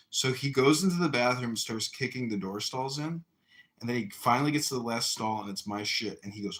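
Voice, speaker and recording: An American man telling a story in a casual chat, animated, acting out shouted voices. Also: medium pitch, normal speed. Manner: animated, acts out yelling voices in stories. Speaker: podcast host.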